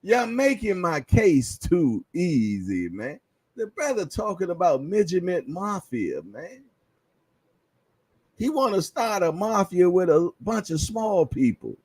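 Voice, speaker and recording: A relaxed male boxing show host chatting loosely in slang, laughing often and repeating himself. His pitch swings widely as he talks, slow and unhurried, with a dry, close sound. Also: slightly rough, dry recording. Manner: laid-back slang, frequent laughs, repeats "yeah, yeah". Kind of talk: casual livestream chat.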